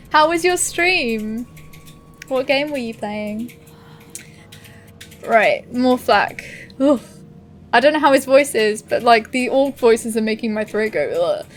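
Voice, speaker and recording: Giggly young woman streamer. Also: on the high side. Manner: friendly, giggly replies to chat. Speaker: game streamer. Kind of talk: casual live-stream chat.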